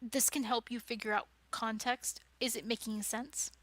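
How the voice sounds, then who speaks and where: A chatty American woman leads a writing club meeting in a casual teaching talk. Her voice is bright and fairly high, and the sound is dry and close. She restarts sentences often and sounds enthusiastic. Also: steady tone, normal speed, no room sound. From United States.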